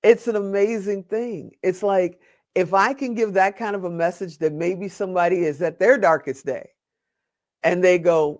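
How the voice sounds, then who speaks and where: A man, a podcast guest, telling a personal story in an earnest way and slowing down to stress his points. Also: high voice, steady tone, dry recording, studio quality. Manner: earnest, slows down for emphasis.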